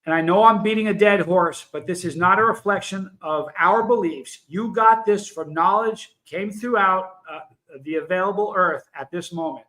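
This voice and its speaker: A man with a high, bright, forceful voice hosts a casual livestream. He tells his story with emphasis and keeps turning to greet and address his viewers. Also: normal speed, low-quality recording. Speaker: livestream host.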